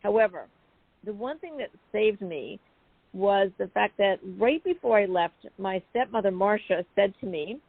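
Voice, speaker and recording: A woman guest on an interview show, telling a personal story in a chatty, animated way with many asides. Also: medium pitch, normal speed, slightly rough, no room sound. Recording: phone-like dry call audio.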